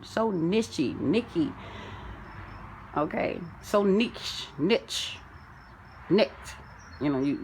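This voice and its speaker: A woman with a lowish voice talks slowly through a free-flowing spiritual monologue. She plays with words and rhymes, swinging between loud proclamations and murmured asides. Faint crickets and insects chirp behind her outdoors. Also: slight background noise. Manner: wordplay, sing-song, drifts between loud declarations and soft asides. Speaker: spiritual self-help vlogger. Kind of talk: rambling spoken-word monologue.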